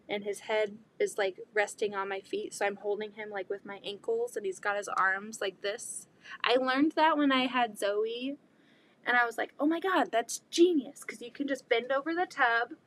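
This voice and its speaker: A woman in her thirties chatting casually while sewing, rambling about her kids and often quoting people in an excited voice. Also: on the high side. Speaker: quilting vlogger and mother. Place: home sewing room.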